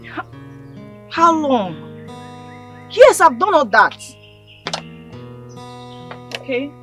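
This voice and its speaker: A wealthy young Nigerian woman, polite and earnest, in a slightly high voice. A clear music score plays behind her. Nollywood film acting. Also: very animated, very slow, a bit bright, exaggerated voice. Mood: anxious. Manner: anxious, pleading on the phone.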